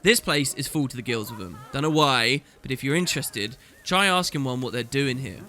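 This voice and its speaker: A man voicing a gruff, busy male cook who is brusque but happy to gossip. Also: mid-range voice, lively intonation, a little fast, sharp tone, soft background music. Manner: brusque and chatty.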